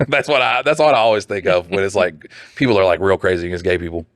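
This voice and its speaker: A man's voice: deep voice, fast, fairly bright tone, no echo. A man co-hosting a podcast in crude casual chat, blunt and profane, reading listener letters aloud. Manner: blunt, profane, mocking put-on voices. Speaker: podcast co-host.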